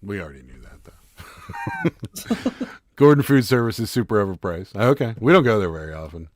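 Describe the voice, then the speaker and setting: A man with a fairly low voice, chatting casually as co-host of a live stream. He jokes around and reads viewer comments out loud. The sound is dry and close. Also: lively intonation, fairly quick, dry recording. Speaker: livestream co-host.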